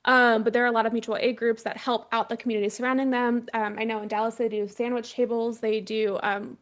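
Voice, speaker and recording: A woman's voice: a little high, little pitch movement, fast talker. A young adult woman from Texas, a congressional candidate, talking in a casual interview with frequent ums and restarts.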